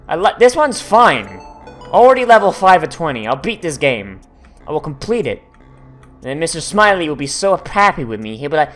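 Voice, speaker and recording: A man's voice: mid-range voice, fairly bright tone. A man doing casual gameplay commentary, swearing often and breaking into frustrated outbursts. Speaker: let's player.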